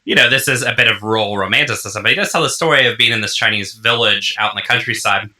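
A man in a casual group conversation, telling stories at length with frequent laughs and quick asides. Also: lowish voice, pushed and bright. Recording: echoey room, mic off at distance.

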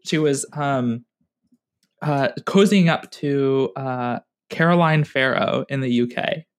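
A woman co-hosting a casual political podcast, animated and exasperated, laughing and restarting her sentences. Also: very deep voice, slow. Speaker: podcast co-host.

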